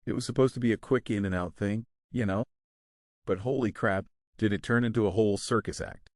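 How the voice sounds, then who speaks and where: A man's voice: lowish voice, fairly even intonation, fairly quick, darkish tone, dry recording, clean studio sound. A man narrating a first-person story in a casual, sarcastic manner.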